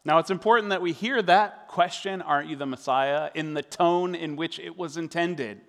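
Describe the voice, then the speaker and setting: A man's voice: on the high side, normal speed, a bit bright, in a large hall. A man preaching a sermon as pastor, talking in a conversational way with fillers and tag questions.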